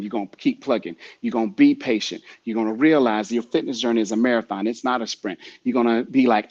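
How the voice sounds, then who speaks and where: The podcast host's voice is husky and on the low side, and the audio is dull. In motivational mode, he preaches, repeats himself, and urges the listener directly.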